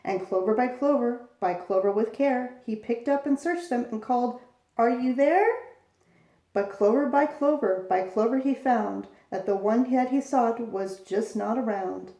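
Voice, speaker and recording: A woman reading a rhyming picture book aloud as a bedtime storyteller, with a steady rhythmic cadence. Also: fairly high pitch, normal speed, hardly any pauses. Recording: echoey room.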